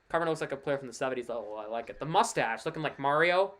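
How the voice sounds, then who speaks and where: A man streaming casual live play-by-play commentary of a baseball game, chatty and excitable over big plays, with offhand asides. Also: a little high, racing, few pauses, a little hiss or hum.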